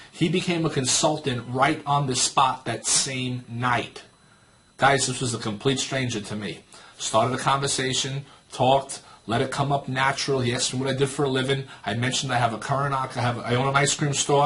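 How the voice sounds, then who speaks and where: A man's voice: mid-range voice, fairly bright tone. A man in his thirties giving a sales training talk, telling a story and acting out both sides of the dialogue. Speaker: network marketing trainer.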